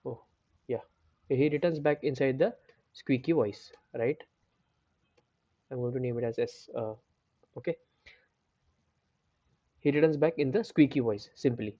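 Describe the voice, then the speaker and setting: A man's voice: medium pitch, unhurried, long pauses, warm tone, slightly rough, no room sound, dull audio. A man hosting a coding tutorial, explaining step by step and checking in with repeated "right?" and restarts. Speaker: programming tutor. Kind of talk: screen-share coding tutorial.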